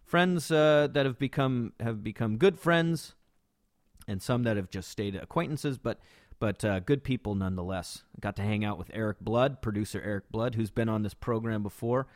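A man's voice: fairly low pitch, normal speed, no echo, studio quality. A man hosting a podcast and telling a story casually, rambling with many fillers and restarts. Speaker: podcast host.

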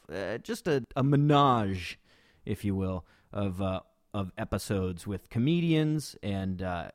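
A man's voice: mid-range voice, dry recording, clean studio sound. A man hosting a podcast and telling a story casually, rambling with many fillers and restarts. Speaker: podcast host.

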